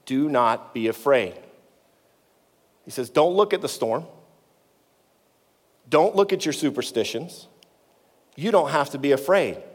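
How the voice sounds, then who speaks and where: A man's voice: lively intonation, a little slow, pauses often. Man preaching in a reverberant hall. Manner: conversational preaching, dropping low and quiet for reassuring lines. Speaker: pastor. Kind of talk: sermon.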